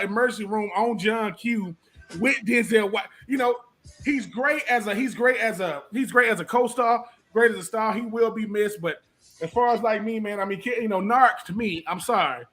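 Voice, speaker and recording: A man co-hosting a sports radio show, chatting casually in an animated, slangy way that repeats itself. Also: high-pitched, moderate pace, soft background music. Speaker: co-host.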